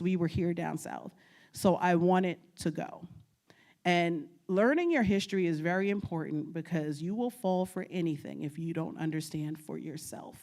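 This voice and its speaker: Lower-voiced woman telling family stories. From New York. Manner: animated, laughing, acts out family quotes. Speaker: guest speaker. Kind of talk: storytelling presentation. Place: lecture at a state archives building.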